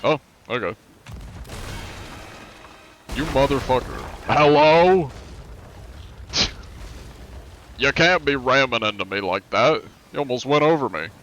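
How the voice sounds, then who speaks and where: A man's voice: mid-range voice, animated, normal speed, bright, forceful tone, a little hiss or hum. A man from the United States chatting casually on a live game stream, joking as he answers chat questions.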